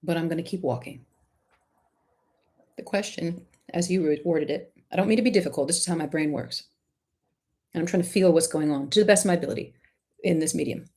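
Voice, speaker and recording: A woman's voice: sits low, a little fast, long pauses, slightly rough. A woman hosting a live-stream Q&A, coaching artists in an emphatic, direct and encouraging way. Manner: warmly encouraging to the questioner.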